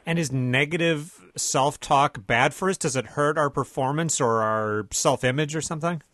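A man's voice: on the high side, normal speed, fairly bright tone, dry recording. A man hosting a radio interview, asking questions in a friendly, chuckling way. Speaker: radio host.

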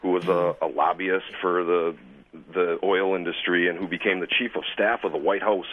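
A man's voice: low-pitched, fairly even intonation, normal speed. A man calling into a radio talk show, rambling indignantly with many fillers. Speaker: caller. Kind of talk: call-in comment. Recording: tinny phone line.

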